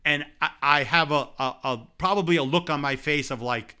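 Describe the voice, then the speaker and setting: A man telling a long, lively personal anecdote in casual conversation, laughing along as he goes. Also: a little high, moderate pace, clean tone. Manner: animated anecdote-telling with laughs and repeated "blah, blah". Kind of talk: casual storytelling chat.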